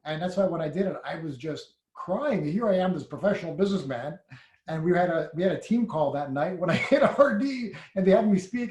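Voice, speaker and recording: Brief: male business leader, chatty interview, lively and excitable, roomy echo on the sound. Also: high voice, fairly quick. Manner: animated storyteller, laughs and gets loud when excited. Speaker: senior network marketing leader. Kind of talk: conversational interview.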